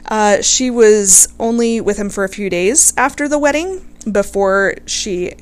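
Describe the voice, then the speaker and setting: A woman's voice: medium pitch, slow pace, smooth. A woman casually telling a history story to her viewers, gushing over her subject, swearing freely and close to tears.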